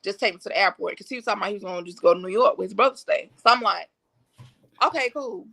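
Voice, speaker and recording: A woman's voice: medium pitch, quick pace, vocal fry, sharp tone. A woman guest on a podcast, candidly recounting a personal story in blunt, slangy, matter-of-fact talk.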